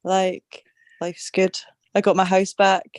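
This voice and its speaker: A woman's voice: medium pitch, level tone, takes it slowly, no room sound, clean studio sound. Chatty Scottish woman with Aussie twang. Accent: Scottish with a slight Australian twang. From Scotland. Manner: chatty, upbeat, swears casually. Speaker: group call participant. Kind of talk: casual chat.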